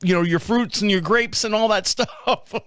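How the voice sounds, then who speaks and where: Rambling American man, high voice. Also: normal speed, fairly bright tone, clear, resonant tone, no echo, clean studio sound. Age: 50s. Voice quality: rambling, swears, lots of restarts. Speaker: podcast host. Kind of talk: casual solo chat.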